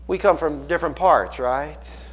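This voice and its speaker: A man's voice: a little high, a little slow, husky, big-room sound. A man from Pittsburgh, a pastor preaching a folksy sermon full of rhetorical questions.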